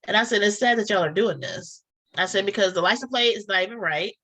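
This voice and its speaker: A woman's voice: medium pitch, quick pace, bright, forceful tone, poor audio. A woman chatting casually, telling a story and acting out both sides of phone calls. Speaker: podcast co-host telling a story.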